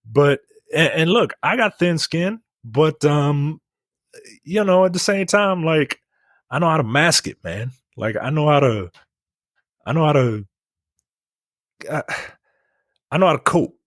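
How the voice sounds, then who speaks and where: A man's voice: fairly high pitch, lively intonation, a little slow, pauses often, no echo. A man co-hosting a casual film podcast, talking loosely and rambling, recorded close and dry. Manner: loose and rambling, with many restarts. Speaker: podcast co-host.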